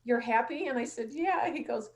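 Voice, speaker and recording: Speaking at a moderate pace in a high voice, this woman runs a casual call-in program. She tells her stories conversationally and acts out the things others said.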